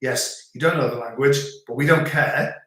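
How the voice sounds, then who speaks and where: Northern english bloke rambling on a live stream, lots of repeats, really echoey room. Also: male voice, medium pitch, moderate pace, pushed and bright. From England. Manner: chatty, rambling, repeats words. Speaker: host. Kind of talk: casual live-stream chat. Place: family home in rural France.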